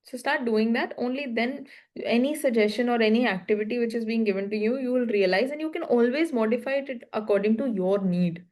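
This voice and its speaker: A woman's voice: fairly high pitch, fairly quick, hardly any pauses, a little mellow. A woman coaching a learner one-on-one, explaining patiently in short, repeated phrases. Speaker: English speaking coach.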